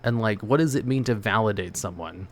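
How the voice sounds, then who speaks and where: Speaking fairly quickly in a lowish voice, a man streams a game and answers his chat. He rambles in a relaxed way, leaning heavily on "like" and "you know."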